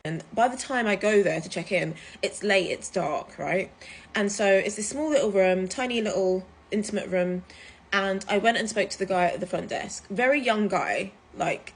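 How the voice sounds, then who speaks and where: A woman from the UK, telling a story to camera in a chatty, animated way, full of fillers. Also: medium pitch, moderate pace, breathy edge. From United Kingdom. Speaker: vlogger. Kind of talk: casual storytime vlog.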